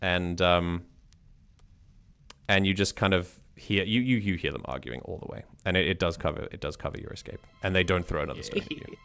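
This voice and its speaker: A man's voice: low-pitched, a little fast, vocal fry, a bit bright, clean tone. A man narrating and ruling as game master in a tabletop game, rambling with many restarts. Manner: rambling, frequent restarts, chuckling.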